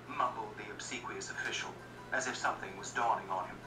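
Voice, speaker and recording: A man's voice: fairly low pitch, brisk, noisy background. Male narrator reading a story. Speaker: reader. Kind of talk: audiobook narration. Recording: roomy echo, distant mic, music behind.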